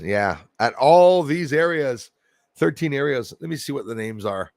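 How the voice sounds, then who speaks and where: A man's voice: medium pitch, animated, moderate pace, darkish tone, no echo. Guy rambling thru space news on his channel, skeptical side comments, middle voice, dead dry sound. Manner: rambling, skeptical asides, restarts mid-sentence. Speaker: news vlogger. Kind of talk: casual commentary reading news aloud.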